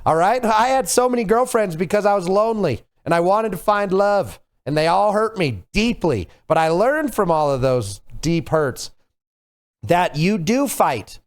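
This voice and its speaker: A man's voice: high-pitched, sing-song, moderate pace. Earnest man hosting a podcast chat. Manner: earnest, reflective, preachy advice. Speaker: podcast host.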